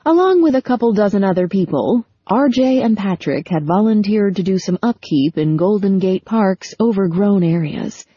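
A woman narrating a novel in a measured storytelling manner. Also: mid-range voice, animated, mellow, husky, no echo. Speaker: audiobook narrator. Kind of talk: scripted narration. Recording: dull lo-fi sound.

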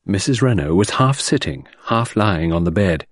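A man reading an audiobook narration in a measured, expressive way. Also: sits low, dry recording, studio quality.

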